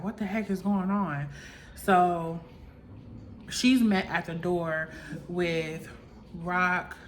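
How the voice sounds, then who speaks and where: Chatty, gossipy woman with a lowish voice. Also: a little hiss or hum. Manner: chatty, gossipy, frequent "like" fillers. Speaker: recap vlogger. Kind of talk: casual episode recap.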